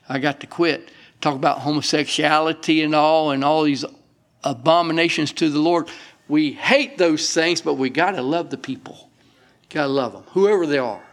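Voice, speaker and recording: A man's voice: medium pitch, creaky, fairly bright tone. A middle-aged man, preaching a sermon with emphatic delivery and folksy asides to his congregation. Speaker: pastor.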